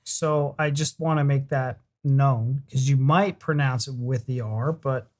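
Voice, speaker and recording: An American man hosts a reaction video in easy, casual chat. He rambles and jokes, with a relaxed, playful delivery. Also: medium pitch, unhurried. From United States. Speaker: reaction channel host.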